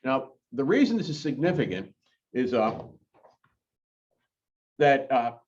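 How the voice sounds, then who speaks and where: A man who is an interim pastor leads a Bible study in a church chapel, talking in a lively, conversational way with frequent fillers. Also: medium pitch, takes it slowly. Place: church chapel, in front of a live group. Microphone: corded mic, worn while moving about. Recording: distant, dull lo-fi sound.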